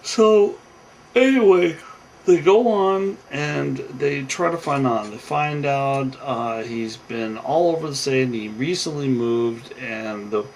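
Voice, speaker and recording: A man's voice: medium pitch, takes it slowly, vocal fry, slight background noise, rough recording. A tired man casually recapping a reality show, rambling with lots of fillers and restarts. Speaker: show commentator.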